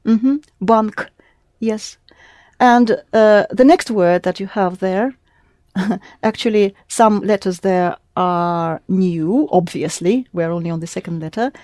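Lady tutor walking a student thru the alphabet, patient, mid pitch, dry close sound. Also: takes it slowly, darkish tone, no echo. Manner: patient, explanatory, prompting the student with questions. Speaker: Russian language teacher. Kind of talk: one-on-one language lesson.

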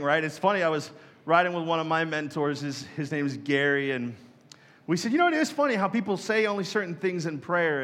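A man's voice: fairly high pitch, fairly bright tone, long reverb tail. A man preaching a sermon as a pastor, casual and joking, who acts out other people's prayers in mock voices.

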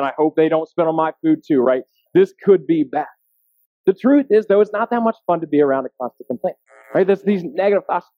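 Pastor, male, 30s, high light voice, chatty self-mocking sermon delivery, thin phone-line audio. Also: no echo. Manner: self-deprecating, conversational, asks the room "right?". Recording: dry, phone-like narrow sound.

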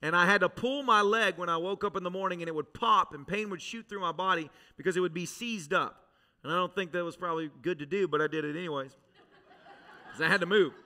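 A male pastor delivers a sermon in a high, piercingly bright voice. He tells a personal testimony with dramatic swings, pressing hard and loud, then dropping to a hushed intensity before the congregation. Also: fast. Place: church service with a congregation.

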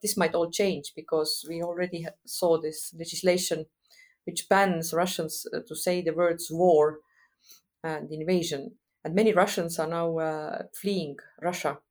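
Low-voiced woman, frank and thoughtful. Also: fairly even intonation, darkish tone. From Estonia. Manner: thoughtful, frank, with frequent uh pauses. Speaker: guest policy expert. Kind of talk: podcast interview.

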